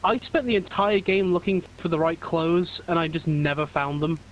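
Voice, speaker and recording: A man's voice: on the high side, fairly even intonation, moderate pace, narrow, tinny audio, a little hiss or hum. A man chatting casually with friends over a game stream, teasing and joking and swearing now and then.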